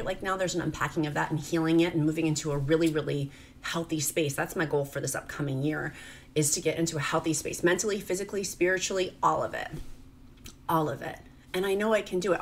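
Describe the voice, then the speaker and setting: Crying on camera, a middle-aged rural Virginia woman delivers a rambling, confessional vlog peppered with "like." Her voice sits on the low side with a fairly bright tone, and there's slight background noise in this emotional personal video.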